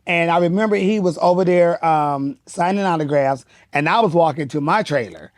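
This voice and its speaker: Male drag performer guest, lively storyteller, slightly high voice, dry booth. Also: moderate pace, no echo. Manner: animated, acts out quotes in raised voice. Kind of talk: casual interview storytelling.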